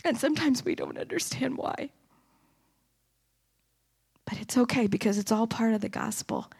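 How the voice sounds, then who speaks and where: A woman's voice: on the high side, moderate pace, creaky, a little mellow, breathy edge. A woman giving an impassioned sermon testimony in a church, rising into emphatic preaching. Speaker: church speaker. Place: church sanctuary.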